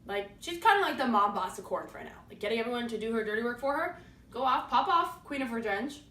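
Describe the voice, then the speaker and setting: A woman's voice: on the high side, big pitch swings, quick pace, pushed and bright. A young woman retelling a classic play in a sarcastic, slangy, chatty way, recorded on a distant mic with faint hiss. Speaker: student summarizing a play. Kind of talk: comedic casual retelling.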